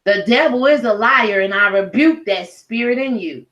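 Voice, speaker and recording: A woman's voice: fairly high pitch, animated, moderate pace, fairly bright tone, highs cut off. A middle-aged woman ranting at home in a blunt, profane, heated commentary video. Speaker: commentary vlogger. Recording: roomy echo.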